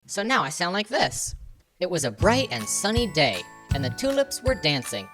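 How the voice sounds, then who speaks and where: A woman's voice: on the low side, sing-song, normal speed, music in the background. A woman voicing a rambling, overdramatic male German film director in a comedy podcast sketch. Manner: overdramatic, long-winded storyteller.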